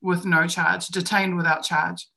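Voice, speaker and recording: A woman's voice: on the low side, level tone, a little slow, gravelly, bright, forceful tone. A woman co-hosting a live-streamed discussion, speaking emphatically and acting out other people's lines as she argues her views. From New Zealand. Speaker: co-host.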